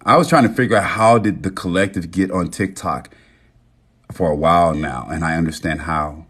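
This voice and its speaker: A man's voice: low-pitched, normal speed, husky. A man hosting a casual livestream chat, talking loosely and with profanity to his viewers, calling them y'all and reading out their names. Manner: reads viewer names with warm affirmations. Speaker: livestream host.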